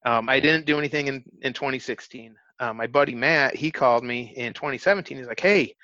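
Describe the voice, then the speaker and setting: A man's voice: mid-range voice, fairly even intonation, fast talker, pushed and bright, no echo. A man, an interview guest, telling a story in casual, earnest talk, often restarting his phrases. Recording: dull, dry lo-fi recording.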